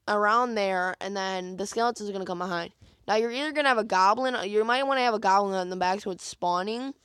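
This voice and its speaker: A man's voice: high voice, a bit bright, clear, resonant tone, no echo. A young man giving casual commentary on his own gameplay, rambling and acting out his own thoughts in quotes with many fillers. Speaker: gaming video creator.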